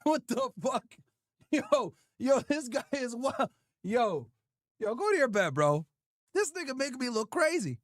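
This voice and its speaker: A man's voice: very high voice, sing-song, measured pace, fairly bright tone, no room sound, clean studio sound. A man hosting a livestream in a casual, slangy style, teasing and playfully scolding in repeated bursts. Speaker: livestream host.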